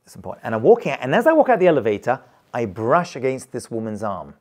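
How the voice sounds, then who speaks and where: A man's voice: medium pitch, fast talker. A middle-aged man, a rabbi, teaching a class in a chatty, storytelling way with acted-out quotes. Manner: animated, chatty, tells anecdotes with acted quotes. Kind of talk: lively storytelling lecture.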